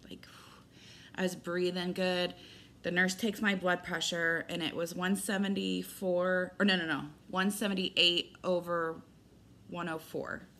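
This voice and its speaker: A woman's voice: fairly low pitch, flat delivery, unhurried, bright, forceful tone. A middle-aged woman giving a rambling, candid personal update as a vlogger, retelling events with quoted dialogue.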